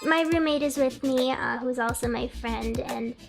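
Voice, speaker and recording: A woman's voice: high voice, normal speed, vocal fry, music in the background. A young woman VTuber telling a long story to her stream chat in a chatty, rambling way and breaking off to thank viewers. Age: young adult. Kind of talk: casual livestream storytelling.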